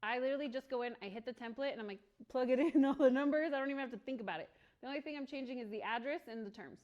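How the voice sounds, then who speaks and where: A woman leading a real estate training session for a small group, chatty and quick to laugh, often acting out little bits of dialogue. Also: high voice, darkish tone, highs cut off. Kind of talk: workshop teaching.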